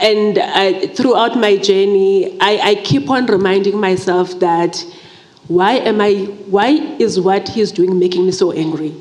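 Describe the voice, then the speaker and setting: A woman's voice: medium pitch, a little mellow. A woman from the audience shares a personal story in a Q&A, speaking candidly and acting out her own quoted words. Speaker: audience member. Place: large event hall at a book fair. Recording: echoey hall with long reverb.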